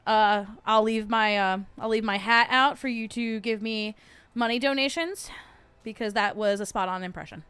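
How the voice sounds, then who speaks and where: A woman's voice: on the high side, moderate pace, a bit bright, clean tone, dry recording. A young adult woman hosting a casual livestream, chatty and playful, laughing often as she rants about food. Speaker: podcast host.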